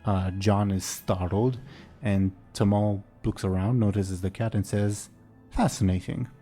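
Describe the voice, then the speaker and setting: A man's voice: fairly low pitch, flat delivery, measured pace, warm tone, soft background music. A man narrating a tabletop game as game master, easygoing and full of ums.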